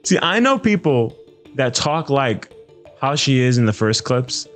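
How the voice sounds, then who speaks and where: A man's voice: medium pitch, sing-song, unhurried, soft background music. A man giving casual reaction commentary on clips, loose and conversational with many fillers.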